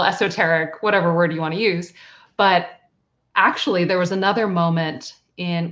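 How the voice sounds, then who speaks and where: A woman guest telling a personal story in an earnest, reflective way, with soft laughs. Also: lowish voice. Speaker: guest author and coach. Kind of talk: conversational storytelling.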